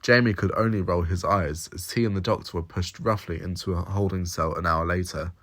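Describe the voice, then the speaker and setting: A man with a very deep voice reads an audio story aloud. He narrates steadily and descriptively, in a calm storytelling manner. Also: fairly quick. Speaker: reader.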